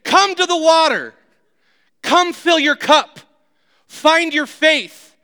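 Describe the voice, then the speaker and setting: A preacher voicing God, calm and commanding. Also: male voice, very high-pitched, slow, in a large hall, voice pushed up, heavily acted. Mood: beckoning.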